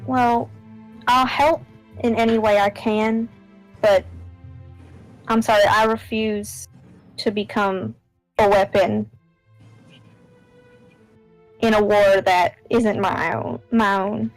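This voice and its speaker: A woman's voice: medium pitch, steady tone, slow pace, pauses often, no room sound, soft background music, close to an everyday voice, low-quality recording. A woman playing a principled character in a tabletop game, speaking hesitantly and apologetically. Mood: apologetic. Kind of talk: in-character tabletop role-play.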